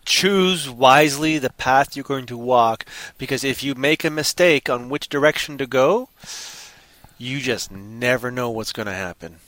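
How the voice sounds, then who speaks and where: Man, bright tone, playful rambling co-host, casual joking chat. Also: mid-range voice, a little slow, no echo. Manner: rambling, playful, riffing on jokes. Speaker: podcast co-host.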